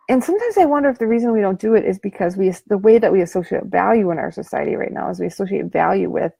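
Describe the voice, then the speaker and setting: A woman's voice: mid-range voice, vocal fry, warm tone, no echo. Female life coach, casual slangy motivational vlog delivery, dry close sound. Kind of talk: motivational talk to camera.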